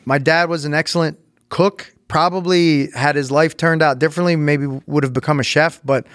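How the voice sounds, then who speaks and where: A man's voice: fairly high pitch, fairly even intonation, moderate pace, a bit bright, dry recording, clean studio sound. A man, a podcast host talking casually, rambling and swearing. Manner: rambling, profane storytelling. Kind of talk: casual chat.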